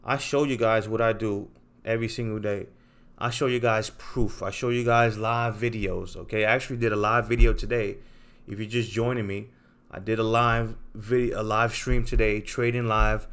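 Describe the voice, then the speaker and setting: A man's voice: lowish voice, fairly even intonation, normal speed, fairly bright tone, clear, resonant tone. A man hosting a trading channel, talking straight to his viewers in an unscripted, confrontational rant and tagging his points with "okay?" and "right?". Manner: emphatic and confrontational, repeats tag questions like okay and right.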